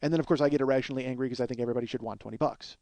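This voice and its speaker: A man's voice: medium pitch, steady tone, racing, darkish tone, slight background noise. A man hosting a podcast, telling a long comic story in a profane, ranting, self-mocking way. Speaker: podcast host. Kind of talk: solo comedic storytelling monologue.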